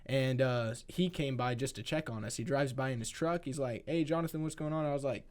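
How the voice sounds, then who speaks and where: A man's voice: medium pitch, a little fast. Man telling a rambling family story. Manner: rambling, animated storyteller acting out family quotes. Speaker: podcast co-host. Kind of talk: casual storytelling chat.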